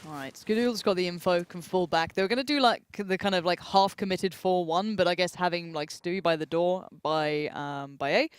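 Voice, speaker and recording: A man's voice: high voice, clean tone, dry recording. A young English man giving live esports commentary in a chatty, analytical way. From England. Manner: chatty, quick analytical patter. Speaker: esports caster.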